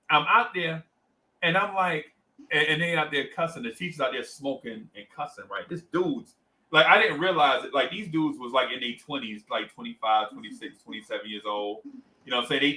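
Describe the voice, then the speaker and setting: A man's voice: medium pitch, a little fast, rough recording. A man hosting a livestream, animatedly telling a story and reading out chat comments. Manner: animated storyteller, acts out voices, reads chat aloud. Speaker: livestream host.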